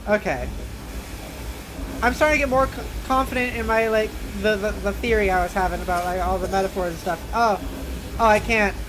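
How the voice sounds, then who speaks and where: A woman's voice: medium pitch, fairly even intonation, a little fast, background noise. A young woman streamer giving casual, jumpy commentary on a horror game and talking to her chat. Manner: chatty and jumpy, talks to chat.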